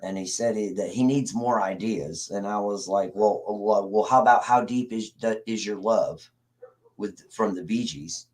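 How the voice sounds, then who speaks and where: A man's voice: fairly low pitch, moderate pace, a little mellow. A man hosting a casual livestream, rambling and swearing as he greets viewers in the chat. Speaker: livestream host.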